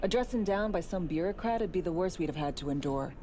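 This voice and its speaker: A woman voicing a hardened, wary female ex-spy in video game dialogue, speaking in a low, gravelly way. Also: animated, fast, dark tone, a little hiss or hum, natural voice. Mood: wry.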